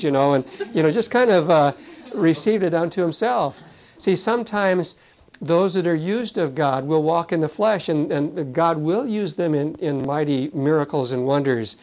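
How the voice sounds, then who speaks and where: Higher-voiced man preaching, lo-fi. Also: moderate pace, darkish tone. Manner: conversational, peppers talk with "you see" and "you know". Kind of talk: Bible teaching sermon. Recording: dull lo-fi recording.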